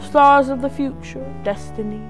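A woman playing a grandiose old starship captain who intones lofty words in a high voice. Soft music plays behind. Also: steady tone, normal speed, close to an everyday voice. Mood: pompous solemn. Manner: solemn, pompous, dreamy pronouncements. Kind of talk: comedy sketch acting.

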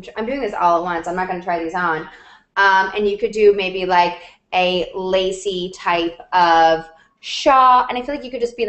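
A woman's voice: medium pitch, fairly bright tone. A woman hosting a DIY show over a video call, answering viewer questions in a chatty, upbeat way with lots of asides. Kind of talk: casual chat. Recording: roomy echo on a video call.

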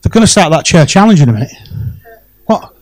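A man doing stand-up comedy, telling a story in a punchy, animated way. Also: on the high side, a little fast, poor audio. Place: comedy club stage.

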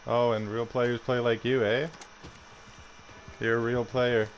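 A young Canadian gamer streamer mocks and trash-talks another player in an online game, swearing as he taunts. His medium-pitched voice is flat and slow, with slight background noise.

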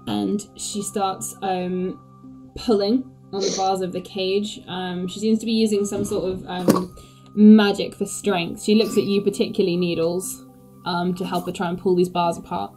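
A woman's voice: medium pitch, little pitch movement, moderate pace, dark tone, soft background music, rough recording. A woman game master narrating a tabletop game, describing scenes hesitantly with many fillers.

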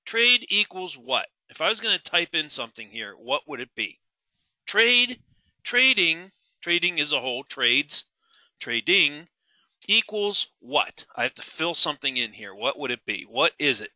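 A man's voice: on the high side, very animated, unhurried, sharp tone, no room sound, dull audio. A middle-aged man teaching a live trading webinar, asking the audience questions and repeating key words for emphasis. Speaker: trading instructor.

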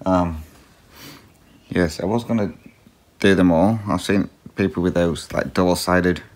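A deep, slightly husky voice from a cross-stitch vlogger chatting casually to viewers. The talk wanders, full of ums and small laughs, as questions get answered one by one. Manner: rambling and chatty, with frequent ums and little laughs; talks to a pet between answers. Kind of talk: casual chat.

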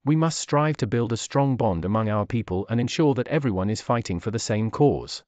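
A seasoned orc warrior, voiced by a male narrator, speaks calmly and with quiet wisdom. His voice is steady and unhurried in a dry, close reading. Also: mid-range voice, no echo, close to an everyday voice. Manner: calm, sage.

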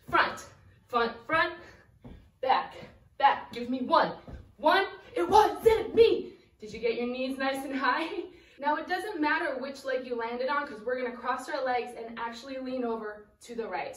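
Young woman dance teacher, high voice, slow and upbeat counts, a bit breathless, distant camera mic in a roomy echoey space. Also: a bit bright, a little hiss or hum. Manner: cheerful, counts beats and calls out steps while dancing. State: slightly out of breath. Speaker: dance instructor. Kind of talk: dance lesson for children. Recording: echoey room, voice from afar.

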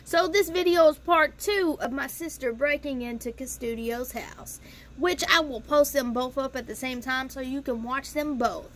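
A woman's voice: high voice, moderate pace, slight background noise. A young woman telling a casual, profane storytime vlog, chatty and talking straight to her viewers. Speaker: storytime vlogger.

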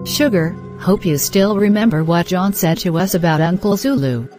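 A woman's voice: lowish voice, normal speed, over music, natural voice. A woman voicing an earnest, hopeful wife. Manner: reassuring, earnest.

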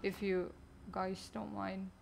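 A woman streaming a game, chatting casually with teammates in a low, weak, energy-saving way. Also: level tone, takes it slowly, vocal fry, a little hiss or hum. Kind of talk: casual live-stream chat while gaming.

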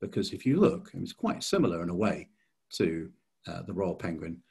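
A man's voice: sits low, sing-song, moderate pace, gravelly, mellow, husky. A man giving an illustrated slide talk as a society chairman, hesitant with many fillers and restarts.

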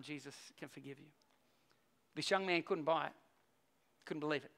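A man preaching a sermon, telling stories, swinging from loud urgent peaks to low quiet stretches. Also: fairly even intonation, a little fast, pauses often. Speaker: pastor.

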